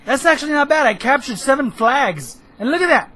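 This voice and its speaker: Hoarse high-voiced gaming commentator. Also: male voice, fairly quick, rough recording. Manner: rambling, excitable, bursts into shouts. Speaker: gameplay video host. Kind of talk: gameplay commentary.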